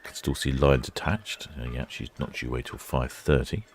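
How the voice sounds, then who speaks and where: A man with a very deep voice gives relaxed live commentary. He rambles from thought to thought and fills the gaps with plenty of uhs. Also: moderate pace, slight background noise. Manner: chatty, rambling, with many fillers. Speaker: ship-watching livestream host.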